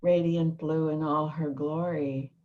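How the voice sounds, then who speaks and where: A woman hosting a prayer gathering, speaking softly and with emotion as she reads a prayer aloud. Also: low-pitched, fairly even intonation, lo-fi sound. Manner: slow, soft and emotional, drawn-out words. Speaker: host. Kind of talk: reflective talk and prayer reading.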